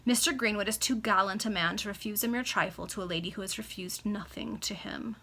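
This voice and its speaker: A woman's voice: mid-range voice, fairly quick, pushed and bright. A woman voicing a stern, scheming male baronet who orders his wife about, reading aloud over a video call. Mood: commanding. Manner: authoritative, emphatic. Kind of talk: amateur read-aloud.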